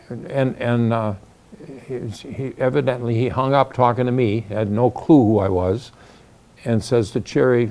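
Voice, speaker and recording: A man's voice: medium pitch, vocal fry, warm tone. An older man telling a story in a folksy, casual way, acting out the voices of the people he quotes. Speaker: storyteller recounting the founding.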